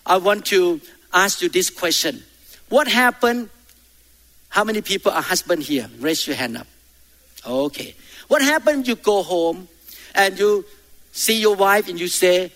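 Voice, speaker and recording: Man from Thailand, pastor, slow emphatic sermon, high bright voice. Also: lively intonation. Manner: emphatic preaching with calls to the congregation. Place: church.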